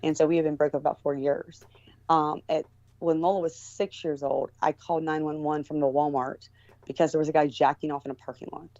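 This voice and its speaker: A woman with a deep, low speaking voice tells a story in a loose, rambling way, circling back with restarts and fillers. The sound is close and dry. The recording is dull and lo-fi. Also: level tone, a little fast, warm tone, dry recording. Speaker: guest. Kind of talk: casual storytelling.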